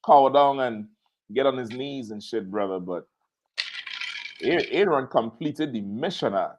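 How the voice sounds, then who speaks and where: A man on a talk show panel, telling a story in an animated, casual way and often calling others "brother". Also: medium pitch, a little slow, highs cut off, noisy background. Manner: lively, calls others "brother".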